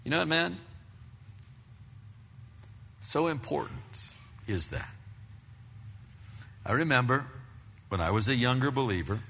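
A man's voice: medium pitch, big pitch swings, unhurried, gravelly, long pauses, bright, forceful tone, slight background noise. An older man preaching a conversational sermon as pastor, telling stories with casual slang asides. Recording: long reverb of a large hall.

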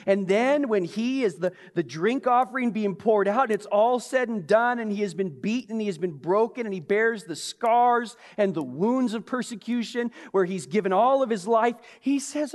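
A man preaching a sermon with passion, now and then dropping to a hushed intensity. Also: high-pitched, moderate pace, few pauses. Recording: long reverb of a large hall.

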